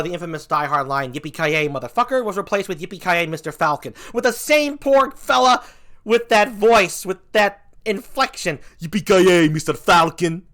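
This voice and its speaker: Stand-up comic, male, bright tone, mock-outraged rant with low asides. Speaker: stand-up comedian.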